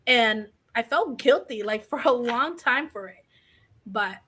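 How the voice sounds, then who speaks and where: A young woman with a bright, fairly high voice tells her own story as an interview guest. She rambles openly and slips into quick acted quotes of others, with a touch of asthma cough. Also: lively intonation, slight background noise. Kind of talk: candid personal story in an interview.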